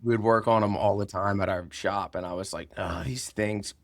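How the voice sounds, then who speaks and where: A man chatting casually on a podcast, relaxed and agreeable, with short remarks. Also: fairly low pitch, fairly quick, no echo. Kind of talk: casual chat.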